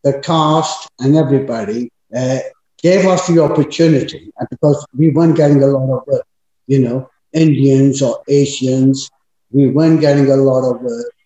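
A man's voice: mid-range voice, steady tone, normal speed, warm tone. An older man, an actor, telling chatty anecdotes about his past work in an interview. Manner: chatty, anecdotal storytelling with frequent fillers. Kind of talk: reminiscing interview. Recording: echoey, dull-sounding room.

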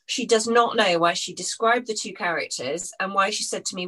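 An actress telling a story from her career, animated, acting out the people she quotes and laughing often. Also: medium pitch, moderate pace, few pauses, low-quality recording. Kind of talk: anecdotal interview storytelling.

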